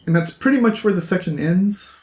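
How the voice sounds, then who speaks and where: A man vlogger retelling a novel's plot in a casual, animated way, with playful asides to his viewers. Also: high-pitched, a little fast. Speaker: book vlogger. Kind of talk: casual book recap. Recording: roomy echo.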